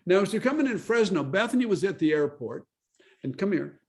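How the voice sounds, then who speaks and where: Man with a high voice, Bible study leader; animated storyteller who acts out the dialogue. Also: fairly quick, background noise. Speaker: Bible study leader sharing his testimony. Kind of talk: storytelling testimony.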